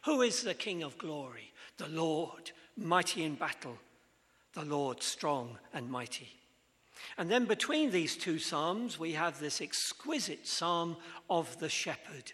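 A man preaching a sermon, earnest and measured, asking the congregation questions. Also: fairly high pitch, lively intonation, a bit bright. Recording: long hall reverb.

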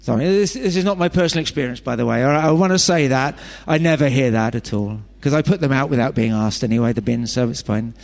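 A man's voice: mid-range voice, lively intonation, fast, gravelly, few pauses. A man preaching a sermon, chatty and full of rhetorical questions and joking asides. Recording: long hall reverb.

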